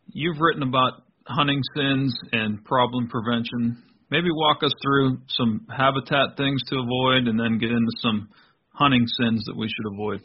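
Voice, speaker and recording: A man hosting a podcast interview, asking questions and calmly steering the talk back on track. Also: medium pitch, breathy edge, dull audio. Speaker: podcast host.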